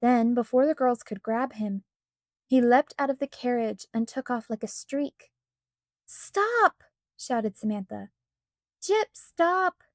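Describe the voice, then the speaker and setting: A woman narrating a children's storybook with expressive, even storytelling. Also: on the high side, normal speed, dry recording, clean studio sound. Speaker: audiobook narrator.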